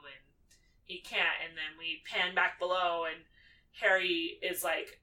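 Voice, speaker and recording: A woman's voice: fairly low pitch, moderate pace, far from the mic, rough recording. A woman co-hosting a podcast, casually retelling a film's plot and slipping into the characters' lines as she goes. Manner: animated storytelling, acting out lines with filler "like". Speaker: podcast co-host. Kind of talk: casual movie recap chat.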